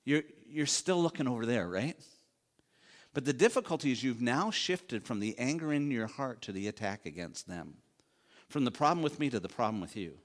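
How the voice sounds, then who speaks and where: A middle-aged man delivers a sermon in an easy, conversational way. His voice sits at an ordinary middle pitch. He keeps turning to his listeners with rhetorical questions and quick asides. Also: lively intonation. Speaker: pastor.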